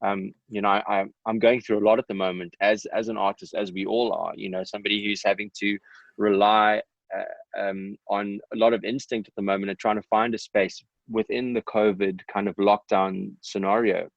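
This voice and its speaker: A South African musician speaks candidly as a podcast guest, his low voice gravelly. He pauses on ums and restarts as he thinks aloud. The sound is dry and a little dull. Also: little pitch movement, no room sound. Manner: reflective, halting, many ums and restarts. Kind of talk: candid podcast interview talk.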